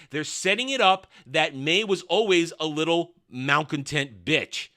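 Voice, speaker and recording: A man delivering a blunt, sarcastic review monologue, waving things off with scorn. His voice sits a little high and sounds bright and forceful. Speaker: TV show reviewer.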